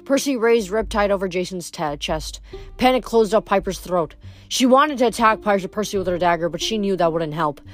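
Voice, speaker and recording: A woman reading a novel aloud in an unhurried way, with small slips and restarts. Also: medium pitch, lively intonation, soft background music. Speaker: reader.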